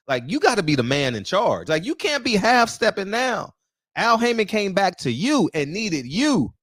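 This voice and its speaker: A man's voice: fairly high pitch, a bit bright, no echo, clean studio sound. A man hosting a commentary show, ranting heatedly and firing off rhetorical questions. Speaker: boxing commentary host.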